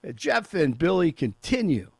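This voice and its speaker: A man's voice: on the high side, big pitch swings, moderate pace, creaky, breathy edge, no room sound. A man on talk radio reading a sports update and joking with the hosts, laughing often. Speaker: sports and news update anchor. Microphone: studio microphone.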